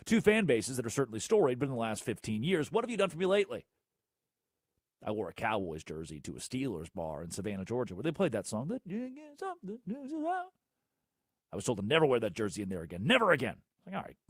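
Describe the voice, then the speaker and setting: A man hosting a solo sports talk show, ranting sarcastically and swinging between loud outbursts and low mutters. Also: huge pitch swings, fairly quick, no room sound, studio quality. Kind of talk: solo sports radio rant.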